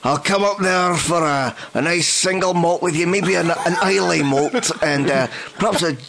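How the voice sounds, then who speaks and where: A man's voice: a little high, normal speed, vocal fry, crowd noise, pitched above the performer's own voice. A man putting on a put-on Scottish accent to play a jovial Scotsman offering single malt.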